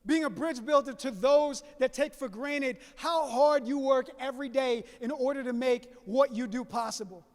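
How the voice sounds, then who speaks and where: A man's voice: very high-pitched, normal speed, hardly any pauses. A man from Southeast Louisiana, giving a folksy, story-driven keynote speech to an audience he calls y'all. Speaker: keynote speaker. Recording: reverberant hall.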